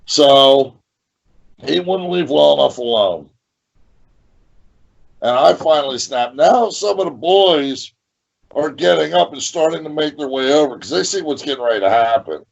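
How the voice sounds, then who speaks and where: A man, a professional wrestler, telling a lively story in a podcast interview and repeating phrases as he goes. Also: a little high, moderate pace, gravelly, long pauses, muffled recording.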